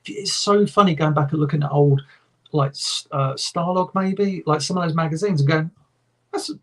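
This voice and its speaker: A man's voice: a little high, moderate pace, fairly bright tone. A man co-hosting a podcast, talking with enthusiasm in a rambling way and swearing often. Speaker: podcast co-host. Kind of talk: casual chat.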